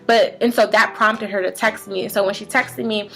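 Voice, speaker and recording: A woman's voice: medium pitch, steady tone, normal speed, gravelly, fairly bright tone. A woman in her twenties telling a casual personal testimony about faith, chatty and full of "um" and "like". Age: 20s. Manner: chatty, many fillers like "um" and "like". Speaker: vlogger sharing a faith testimony.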